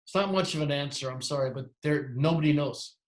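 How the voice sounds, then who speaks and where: Male teacher, rambling lecture style, slightly high voice, roomy echo. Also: a little fast. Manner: rambling, self-correcting explanations. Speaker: Greek teacher. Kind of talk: lecturing in a class.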